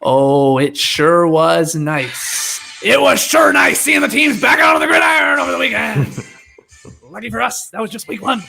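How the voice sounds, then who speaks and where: A man's voice: high-pitched, very animated, moderate pace, creaky, sharp tone, soft background music. A man co-hosting a sports podcast, chatting casually and reading an ad in a playful, laughing manner. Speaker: podcast co-host. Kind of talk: casual chat and read ad.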